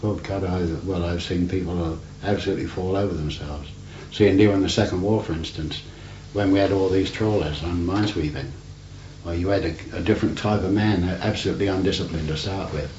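With a low, darkish voice and a slightly quick delivery, an older man tells rambling tales of his navy days for an oral history interview. He often throws in "you see"; the tape is roomy and dull, carrying a faint hiss.

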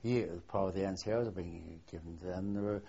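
An elderly man looks back on his wartime service in an oral history interview, his voice sitting low. He speaks haltingly, restarting often and letting sentences sink away softly. The sound is dull and lo-fi, like an old archival tape. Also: husky. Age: older. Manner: halting reminiscing, trailing off softly. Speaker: war veteran interviewee.

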